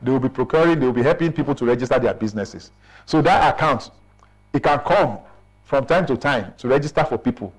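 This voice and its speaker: A man's voice: medium pitch, animated, brisk, husky, low-quality recording. Nigerian man explaining procedures patiently. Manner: explanatory, checks in with "right?" often. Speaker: official explaining business registration. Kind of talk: radio interview.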